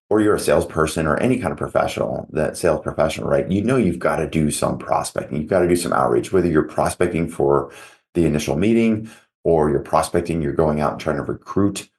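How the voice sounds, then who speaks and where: A man's voice: extremely low pitch, fast, darkish tone. A middle-aged man hosting a podcast, telling personal stories in a casual, conversational way with lots of fillers. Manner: conversational storytelling with many fillers. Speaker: podcast host. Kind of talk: casual motivational talk.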